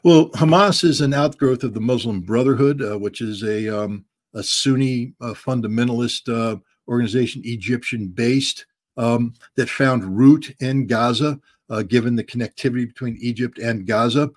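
A man in a mid-pitched voice gives blunt answers in an interview. He keeps doubling up words and dropping in "um"s while he hunts for the next phrase. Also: normal speed. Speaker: guest commentator.

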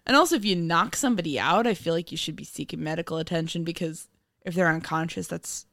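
A woman's voice: lowish voice, fast talker, gravelly, a bit bright, no room sound, studio quality. A young woman co-hosting a casual movie chat, playful and laughing often. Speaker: podcast co-host.

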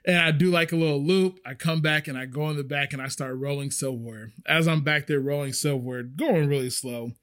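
A man casually telling a story about his restaurant job, animated and swearing freely. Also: on the high side, fairly quick, hardly any pauses. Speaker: restaurant server.

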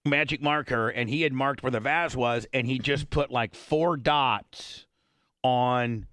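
A man hosting a talk radio show, telling a crude story in a rambling, profane way and often clearing his throat. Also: mid-range voice, unhurried, fairly bright tone, no echo, studio quality.

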